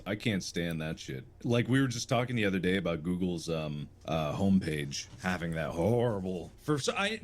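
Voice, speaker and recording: A man on a podcast speaking candidly and casually, swearing and describing things vividly. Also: low-pitched. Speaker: podcast co-host.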